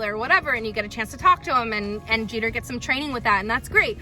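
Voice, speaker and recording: A woman's voice: fairly high pitch, fast talker, bright, forceful tone. A woman dog trainer in a casual vlog, chatting and retelling stories with lots of ums.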